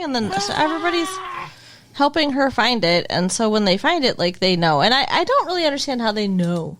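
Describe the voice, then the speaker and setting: A woman's voice: on the high side, big pitch swings, brisk, a bit bright, slight background noise. A woman co-hosting a podcast, recapping a TV episode in casual chat, chatty and giggly, saying "like" a lot. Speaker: podcast co-host.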